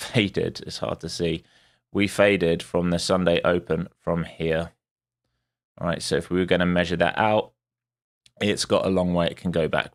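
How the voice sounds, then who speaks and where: A man's voice: low voice, gravelly, a bit bright. A man hosting a live trading stream, thinking aloud over his charts in a casual, rambling way, greeting viewers by name and correcting himself as he goes. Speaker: day trader and stream host.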